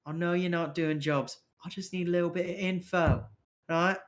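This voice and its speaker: A man's voice: sits high, steady tone, moderate pace, close to an everyday voice. A man voicing a brash, crude male gangster with metal teeth who swears and wheedles.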